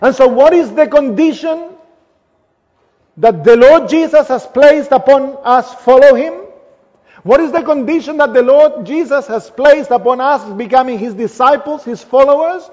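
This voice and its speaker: A man preaching a sermon in a church, speaking emphatically and letting his phrases trail off softly at their ends. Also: very high voice, normal speed. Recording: long hall reverb, dull lo-fi sound.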